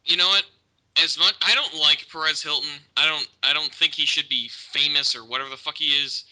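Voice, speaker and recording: Bright-voiced teasing male co-host. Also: on the high side, fairly even intonation, brisk, low-quality recording. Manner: teasing, argumentative, profane. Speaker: podcast co-host. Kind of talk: casual wrestling chat.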